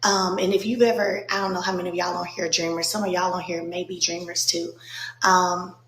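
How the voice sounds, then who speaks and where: A woman sharing a personal testimony with her followers, speaking slowly and earnestly, with many pauses and fillers, emotional and holding back tears. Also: on the low side, flat delivery, a bit bright, reverberant, a little hiss or hum, poor audio. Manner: slow, halting, earnest, many pauses and ums. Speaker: faith vlogger.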